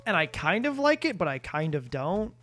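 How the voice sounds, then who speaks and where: A man's voice: sits high, very animated, normal speed, a bit bright. A man live-streaming a video game, chatting casually with viewers in a rambling, self-deprecating way. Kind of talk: casual live-stream chat while gaming.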